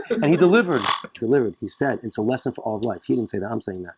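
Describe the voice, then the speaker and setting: A man's voice: fairly high pitch, fast, a crowd in the background. A man, a rabbi, giving a humorous lecture to a live audience, joking and acting out little dialogues.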